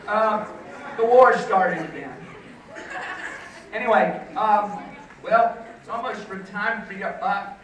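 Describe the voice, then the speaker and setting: A man's voice: high voice, slow, long pauses, crowd noise. An older man, a teacher, doing a mock-indignant stand-up comedy routine on a school auditorium stage, heard through a distant mic. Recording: echoey hall, distant mic.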